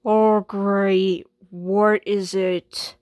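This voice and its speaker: A woman's voice: medium pitch, flat delivery, extremely slow, darkish tone, no room sound, pitched below the performer's own voice. A woman voicing a sensible female washing machine in a homemade skit, sighing and sarcastic. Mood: exasperated.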